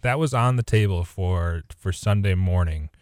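A deep-voiced man chats on a golf podcast in a loose, rambling way, often stopping to correct himself mid-sentence. His tone stays easygoing. The recording is dry and close-miked. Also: moderate pace, a little mellow, no room sound. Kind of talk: casual chat.

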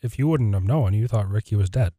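A man's voice: on the low side, brisk, mellow, no room sound, clean studio sound. A man co-hosting a casual betting chat, hesitant and trailing off before blunt opinions. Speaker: podcast co-host.

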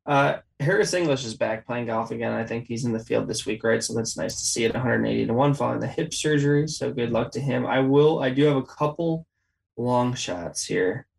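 A man's voice: mid-range voice, brisk, gravelly, rough recording. A man hosting a casual golf betting chat, rattling off odds and stats. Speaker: golf betting podcast host.

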